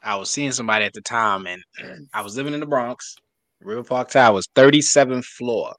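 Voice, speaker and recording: A man's voice: mid-range voice, brisk, a bit bright, no echo. Laid-back New man, dry sound. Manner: laid-back, coy storyteller. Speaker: podcast co-host. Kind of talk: casual storytelling chat.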